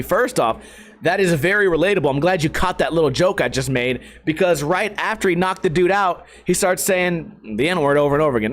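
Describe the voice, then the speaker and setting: A man hosting a casual solo podcast, talking in a brash, profane and excitable way. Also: fairly high pitch, brisk. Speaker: podcast host.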